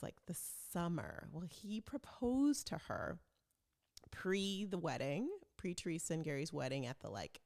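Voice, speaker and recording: A woman's voice: deep voice, creaky, darkish tone. A woman hosting her own vlog, chatting casually and rambling along as a self-described talker. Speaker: vlog host. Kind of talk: casual chat.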